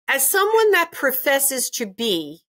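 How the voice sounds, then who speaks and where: A woman's voice: high voice, huge pitch swings, takes it slowly, a bit bright. An older woman and grandmother giving an interview, talking emphatically and indignantly, often repeating herself. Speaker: interview guest.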